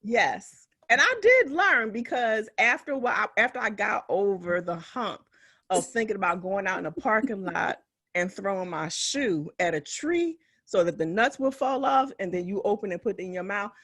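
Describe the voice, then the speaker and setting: Her voice is medium-pitched and unhurried at a normal speed, recorded without room sound. She's a West Philadelphia physician in her forties co-hosting a laid-back podcast. Her storytelling is animated, full of laughter and acted-out quotes.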